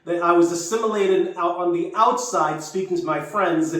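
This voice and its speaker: Older guy from jamaica rambling through a story, kinda high voice, mic far off, big echo. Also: moderate pace, a bit bright. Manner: reflective, rambling with frequent restarts. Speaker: YouTuber. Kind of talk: casual personal storytelling. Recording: very echoey room, distant mic, faint music.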